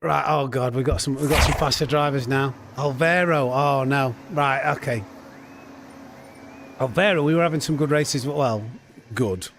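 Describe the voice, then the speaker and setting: A man's voice: medium pitch, moderate pace, fairly bright tone. A man chatting casually on a live sim racing stream, reading out viewer names and thanking them. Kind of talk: live gaming stream chat.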